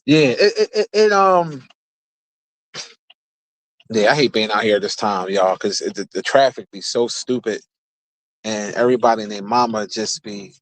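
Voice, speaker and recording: A young male streamer rambles to his viewers from a car, cursing freely and talking straight to them between stretches of driving. His voice is lowish and animated, with a moderate pace and long pauses, and there is no room sound.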